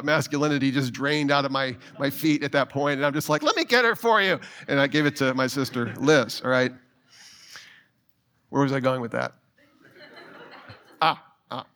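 A middle-aged man preaching a sermon, telling a personal story and putting quick questions to his listeners. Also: a little high, fairly bright tone. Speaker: pastor.

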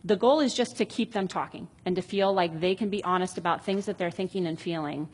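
A woman's voice: lowish voice, a little fast, a little mellow, breathy edge. A woman in her thirties in a casual talk about parenting, reading out example conversations in a chatty, reflective way.

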